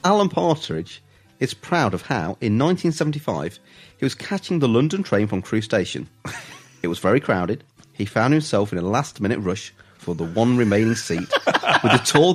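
A man hosting a comedy podcast, reading listener submissions aloud and telling a story with giggles and put-on voices. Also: on the low side.

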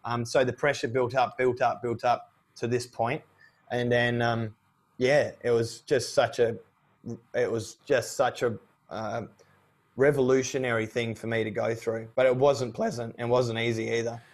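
A man in his thirties talking openly and reflectively about his own life, with a middling pitch. His delivery turns lively when he acts out his own past words. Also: moderate pace. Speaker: guest. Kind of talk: candid personal conversation.

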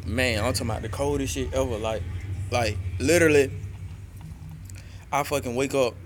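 A man co-hosts a casual podcast chat, speaking at medium pitch and normal speed against slight background noise. He tells a long story in loose slang, saying "you feel me" a lot.

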